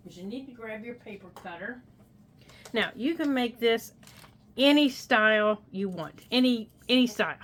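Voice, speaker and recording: A woman's voice: mid-range voice, a bit bright, a little hiss or hum. An older woman chatting casually through a craft tutorial in a folksy, talk-to-herself way. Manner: chatty, folksy, talks to herself while working. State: hiccups. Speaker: craft vlogger.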